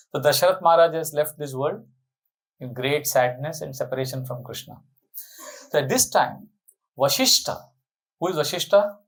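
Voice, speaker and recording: A man giving a storytelling sermon on a tour talk, animated and often putting questions to his listeners. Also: mid-range voice, rough recording. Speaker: spiritual speaker.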